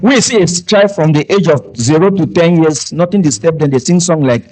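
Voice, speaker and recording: A man's voice: a little high, normal speed, a little mellow, rough recording. A man from Cameroon with a Cameroonian Pidgin English accent doing live stand-up comedy and making a fundraising appeal, joking and breaking into snatches of hymns. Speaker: event entertainer and fundraiser.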